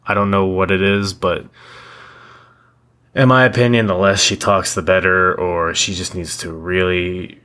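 A man's voice: sits low, fairly even intonation, measured pace, fairly bright tone, smooth. A young man co-hosting a podcast, ranting in blunt, profane casual chat, full of restarts. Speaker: podcast co-host.

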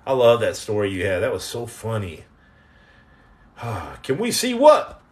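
A man's voice: lowish voice, wildly swooping pitch, a little slow. A man hosting a podcast live stream, casually chatting and joking sarcastically with viewers in the comments. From United States. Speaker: podcast host.

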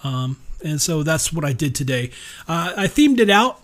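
A man's voice: fairly high pitch, sing-song, normal speed, fairly bright tone. A man hosting his own podcast in a casual, rambling solo monologue, chatting along and laughing at himself. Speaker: podcast host.

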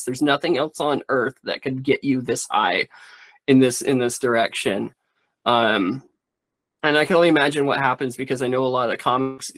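A man's voice: mid-range voice, a bit bright, dry recording. A man who does stand-up comedy talking in a rambling, candid way, swearing freely in a casual interview.

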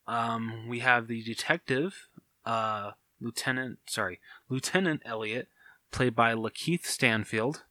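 A man's voice: mid-range voice, a little slow, pushed and bright, no room sound. A man co-hosting a casual podcast chat, easygoing and enthusiastic, with lots of filler words. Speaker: podcast co-host.

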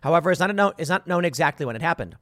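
A man's voice: fairly high pitch, lively intonation, rapid-fire, fairly bright tone, no room sound, studio quality. A man in his thirties hosting a commentary show, talking in a sarcastic, exasperated, rambling way with frequent restarts. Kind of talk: opinion commentary monologue.

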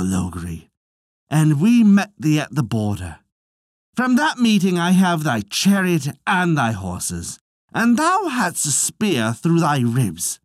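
A proud, jeering warrior brags over his past victories, as a man puts on his voice. The audiobook voice climbs a little higher than the reader's own and swings widely as he taunts his rivals. The recording is dry and close. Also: dry recording, heavily acted. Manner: mocking, proud boasting. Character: boastful, taunting adult male warrior of Connacht. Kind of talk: audiobook reading of a legend.

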